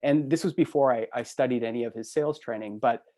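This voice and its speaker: A man telling a story as a guest in an interview, in a casual, animated way and laughing easily. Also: medium pitch, fast talker. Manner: animated, acts out the people in his stories. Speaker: hotel expert and entrepreneur, guest.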